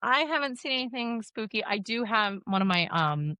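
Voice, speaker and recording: A woman's voice: a little high, animated, normal speed, bright, forceful tone, clean tone, dry recording. A woman in her thirties, a mortician, talking candidly and laughing often in a casual interview. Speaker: guest, mortician and funeral director.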